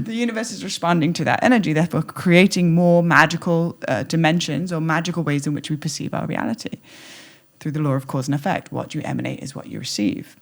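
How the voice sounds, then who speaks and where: A woman talking as a podcast guest in an animated, playful way, acting out little scenes as she speaks. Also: low voice, quick pace. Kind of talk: conversational interview.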